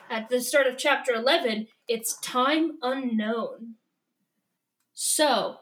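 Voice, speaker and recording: A woman with a fairly high voice, chatting casually as she recaps a book chapter. She retells scenes playfully and slips into quick put-on lines for the characters. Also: a bit bright. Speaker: podcast co-host.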